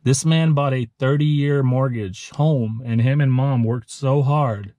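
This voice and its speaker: A man in his thirties who owns a lawn care business, giving a heartfelt motivational vlog talk, earnest and emotional, halting and restarting as he speaks. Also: medium pitch, steady tone, warm tone, no room sound. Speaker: lawn care business owner and channel host.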